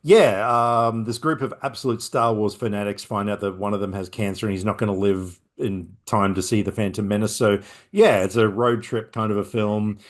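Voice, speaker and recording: A man's voice: on the low side, steady tone, moderate pace, few pauses. A man hosting a film podcast, chatting casually and rambling with lots of asides. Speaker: podcast host.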